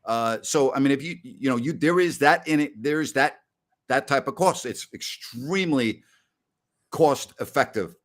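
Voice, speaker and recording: Speaking at a moderate pace in a mid-range voice, a middle-aged sports talk host rambles blusterously through casual live-stream chat. Every so often he launches into a loud mock rant.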